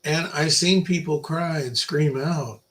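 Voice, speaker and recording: An older man giving an informal Bible lecture, rambling through personal stories and swinging between loud emphasis and quiet asides. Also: a little high, takes it slowly, poor audio. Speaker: Bible teacher.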